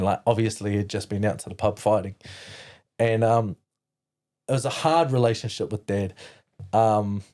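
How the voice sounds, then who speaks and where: A man's voice: on the low side, mellow. A man from New Zealand as a podcast guest, telling his own story candidly, rambling with many "like" fillers and blunt swearing.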